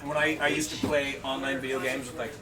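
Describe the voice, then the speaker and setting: A man's voice: medium pitch, flat delivery, quick pace. A man chatting casually at a tabletop game session, rambling through a story with many fillers. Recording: distant mic, loud table chatter.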